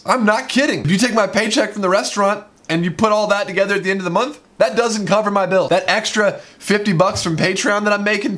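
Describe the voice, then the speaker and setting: Man, fairly high voice, angry profane vlog rant, worn out, repeats himself. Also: fairly bright tone. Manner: heated, profane, repetitive ranting. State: exhausted. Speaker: musician and video creator.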